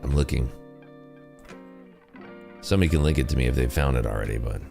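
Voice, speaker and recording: A man's voice: rumbling low, a little fast, vocal fry, dark tone, faint music behind. A man hosting a day-trading livestream, talking casually and rambling through market chatter with lots of "like" and "you know".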